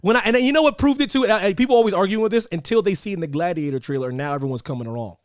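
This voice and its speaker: A man's voice: sits high, very fast, dry recording, clean studio sound. A man hosting a casual talk show, arguing emphatically and laughing often. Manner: animated, laughing, emphatic repeats. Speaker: podcast host. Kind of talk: casual chat.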